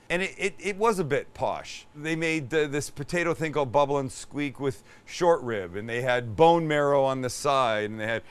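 A man's voice: mid-range voice, unhurried, few pauses, a bit bright, clear, resonant tone. A middle-aged man hosting a cooking show, chatting in a jokey, rambling way. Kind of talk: casual chat.

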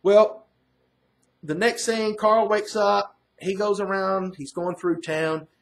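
A man with a high voice, vocal fry, and fairly even intonation speaks at a slow pace while reviewing a comic book issue. He retells it in a rambling, casual first-reaction style, full of fillers and restarts.

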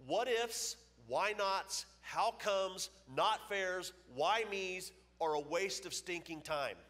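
Man in his fifties, church testimony, emphatic storytelling, mid-pitched voice, long hall reverb. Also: a bit bright. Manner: emphatic storyteller, acting out quoted dialogue. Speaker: guest speaker at a church. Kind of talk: personal testimony. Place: church auditorium.

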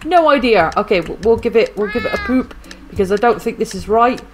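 A woman's voice: a little high, big pitch swings, fairly quick, soft background music. A woman commentating on her own video game play, rambling to herself and often getting flustered and panicky. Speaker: gaming video host. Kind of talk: live gameplay commentary.

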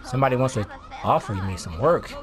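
A young man giving casual gameplay commentary as a streamer, excitable and profane, with yelping outbursts. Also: mid-range voice, brisk, soft background music, a faint crowd. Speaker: gaming streamer.

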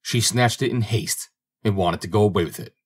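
Husky low-voiced man narrating a fairy tale. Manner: steady, measured storytelling. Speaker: audiobook narrator.

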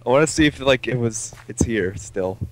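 A young man with a mid-pitched voice banters through a game. His pitch leaps around, and he shifts from mumbling to sudden excited yells. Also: normal speed. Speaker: co-player. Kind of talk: casual let's-play chat.

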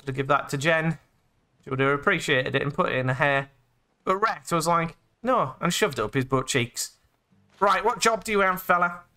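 A man's voice: on the high side, animated, moderate pace, sharp tone. An English man hosting a let's play, narrating his own in-game actions in past tense with playful jokes. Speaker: gaming channel host.

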